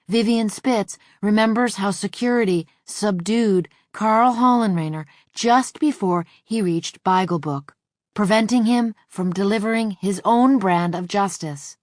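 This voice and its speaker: A woman narrates a nonfiction audiobook at a measured, even pace. Her voice sits at an ordinary middle pitch, and the recording is close and dry, with no room sound. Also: dry recording.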